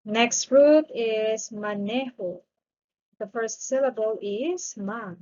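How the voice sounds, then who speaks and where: In a warm, slightly high voice, a female language teacher takes her time through a grammar lesson. She patiently says each word twice in slow drilled repetition, and the recording lacks high frequencies.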